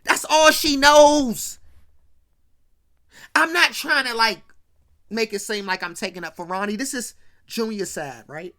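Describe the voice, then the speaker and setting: A show host doing an animated, slangy recap of a film, acting out the characters' lines and swinging between hushed asides and loud bursts. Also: medium pitch, normal speed. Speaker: host of a movie commentary channel.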